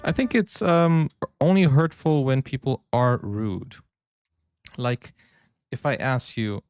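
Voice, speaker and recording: A man's voice: mid-range voice, lively intonation, measured pace, smooth, no echo, studio quality. A man hosting a reaction video, talking casually and acting out little back-and-forth dialogues as he makes his point. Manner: chatty, acts out little dialogues, frequent "like" and "you know".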